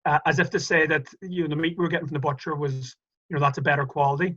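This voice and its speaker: An Irish man tells stories in a loose, chatty way, stopping and restarting his sentences as he goes. His voice is bright and a little high. The audio is muffled and lo-fi, like a remote call. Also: flat delivery, very fast. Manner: chatty, hesitant storyteller with many restarts. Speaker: guest. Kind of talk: casual conversational interview.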